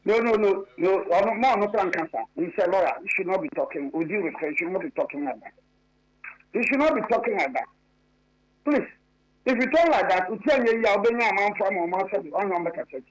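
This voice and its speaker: A man with a strikingly high voice debates politics on a radio talk show. He is emphatic and insistent, restating the same point again and again until it lands. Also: lively intonation, a little fast, rough recording. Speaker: political commentator.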